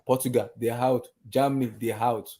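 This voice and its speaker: A man's voice: mid-range voice, fairly even intonation, fast, warm tone. A man hosting a casual football chat, talking in a rambling, hesitant way. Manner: rambling, hesitant, lots of fillers.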